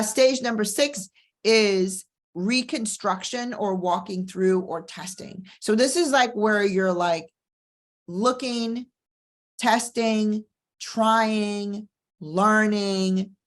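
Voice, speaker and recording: A middle-aged woman who hosts a show as a divorce coach, talking in a candid, energetic casual way and repeating phrases for emphasis. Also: mid-range voice. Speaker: divorce coach and podcast host. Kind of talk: casual motivational talk.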